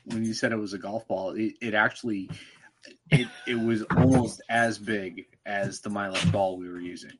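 A man's voice: fairly low pitch, steady tone, moderate pace, a bit bright, slightly rough. A man joining a casual podcast chat, chiming in with short remarks. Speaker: podcast co-host.

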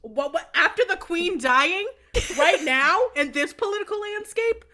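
A woman's voice: very high voice, lively intonation, a little slow, sharp tone. A woman co-hosting a casual group discussion in a playful, mock-serious way. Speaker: podcast co-host.

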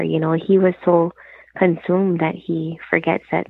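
A woman guest speaks over a tinny, dry phone line. Her low voice has a gravelly, husky texture. She tells her story earnestly and retells the conversations as she goes. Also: little pitch movement, measured pace, no room sound. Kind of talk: personal storytelling. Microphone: phone call.

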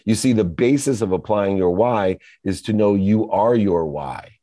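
Middle-aged male motivational speaker, low warm voice, emphatic rhythmic delivery. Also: measured pace, no room sound. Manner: emphatic, rhythmic lists with sudden swells in pitch. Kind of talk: motivational monologue.

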